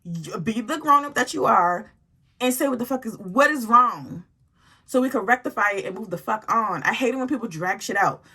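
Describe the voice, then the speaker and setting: A young adult woman telling a story in a casual vlog, animated and profane, acting out the dialogue as she goes. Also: a little high, moderate pace, husky. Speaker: storytime vlogger.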